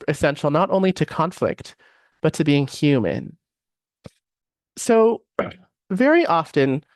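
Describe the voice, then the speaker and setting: A man's voice: a little high, no echo, clean studio sound. A man presenting a live online workshop in a reflective, conversational way. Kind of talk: live online teaching session.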